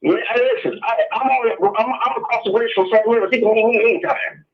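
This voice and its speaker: A man's voice: high voice, quick pace, muffled recording. A man calling in by phone to a talk show, blunt and profane, repeating the same points over and over. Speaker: caller. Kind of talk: heated call-in conversation.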